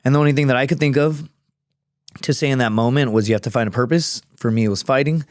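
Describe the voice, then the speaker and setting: A man's voice: medium pitch, fast, no room sound, clean studio sound. A man guest on a podcast, telling stories loosely and casually and swearing freely.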